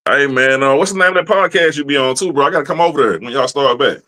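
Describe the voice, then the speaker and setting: Profane laid-back host. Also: male voice, mid-range voice, fast talker, bright, forceful tone. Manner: loose, profane, streetwise banter. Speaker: podcast host. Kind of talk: casual podcast chat.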